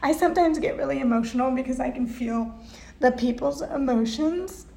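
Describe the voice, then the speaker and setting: A woman's voice: sits high, normal speed, gravelly, warm tone. A woman giving a casual tarot reading at home, emotional and blunt, swearing freely. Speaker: tarot reader. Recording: echoey room.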